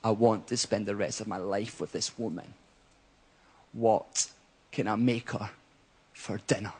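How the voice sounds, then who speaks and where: A comedian on stage voicing a bleary-eyed drunk young man, low, quiet and earnestly slurring. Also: steady tone, unhurried, natural voice. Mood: drunkenly earnest. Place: TV studio stage. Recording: loud audience laughter and noise.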